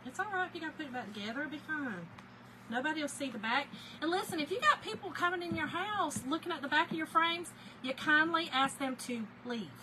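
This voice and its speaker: Woman, Southern US accent, fairly high voice, casual live-stream chat, greets viewers in sing-song, noisy background. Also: animated, fast. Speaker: livestream crafter.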